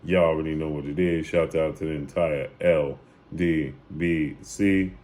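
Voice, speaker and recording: A man's voice: very deep voice, fairly even intonation, measured pace, a little mellow. A man hosting a sports channel, casually retelling and commenting on boxing clips with emphatic repetition.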